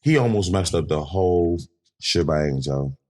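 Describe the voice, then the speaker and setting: A man from DC telling a nightclub story in casual podcast chat, acting out quoted people in a raised, shouting voice. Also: unhurried. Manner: animated storyteller, acts out quotes in a high shouting voice. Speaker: podcast host.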